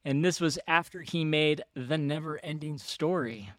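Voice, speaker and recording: A man co-hosting a casual movie podcast, calmly explaining a film's production history. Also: on the high side, normal speed. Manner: relaxed, explaining film history. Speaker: podcast co-host.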